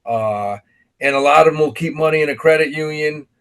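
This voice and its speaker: A man's voice: on the high side, brisk, smooth. A man in a casual podcast chat, telling rambling anecdotes full of "you know" and "uh". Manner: rambling anecdotes with many fillers.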